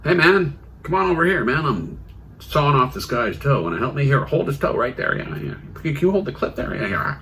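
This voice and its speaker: A man's voice: medium pitch, very animated, normal speed, gravelly, pushed and bright, distant mic, a little hiss or hum, pitched above the performer's own voice, exaggerated voice. A man voicing a laid-back, careless male surgeon who talks in offhand slang and calls everyone "man.". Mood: breezy.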